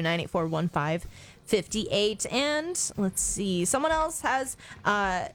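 A woman co-hosting a call-in radio swap show, reading listings and phone numbers with playful asides. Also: mid-range voice. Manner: chatty, makes dad jokes. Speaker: radio co-host. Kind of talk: casual radio swap-shop chat.

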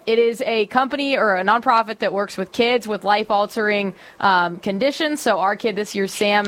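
A woman's voice: mid-range voice, a bit bright. A young woman, a college student, speaking earnestly and upbeat as a guest on a radio show. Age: young adult. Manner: earnest, upbeat, some fillers. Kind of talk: radio interview.

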